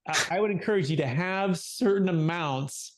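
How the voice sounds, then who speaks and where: A man's voice: high-pitched, normal speed. A young adult man telling a client story in a podcast interview, acting out quotes with lots of fillers. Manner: animated storyteller, acts out quotes, many fillers. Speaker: guest, capital gains tax advisor.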